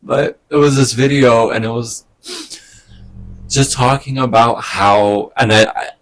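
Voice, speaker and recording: A man talking in a casual personal vlog, hesitant and rambling, getting emotional with soft laughs. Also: mid-range voice, fairly even intonation, measured pace, slight background noise. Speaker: vlogger. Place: indoors at home during a move.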